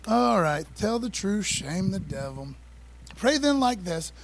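A man preaching a sermon to his church, animated and repeating phrases, calling on the congregation to answer back. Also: sits high, measured pace, low-quality recording. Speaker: pastor.

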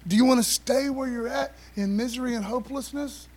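A high-voiced man preaching to his congregation in an easygoing, slangy way. He reads scripture aloud and keeps asking the room for a witness. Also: brisk, a little mellow. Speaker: pastor. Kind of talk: sermon.

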